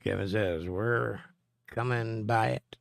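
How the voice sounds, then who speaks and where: A man's voice: on the low side, fairly even intonation, slow, gravelly, no echo, studio quality. A middle-aged man, hosting a live stream and reading viewer comments aloud with a joking, chatty manner. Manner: joking, chatty, answers chat directly.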